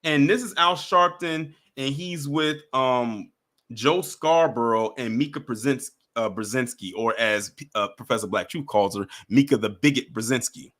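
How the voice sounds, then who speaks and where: A man hosting a livestream, giving animated, mocking reaction commentary and chatting with his viewers. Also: medium pitch, moderate pace. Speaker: livestream host.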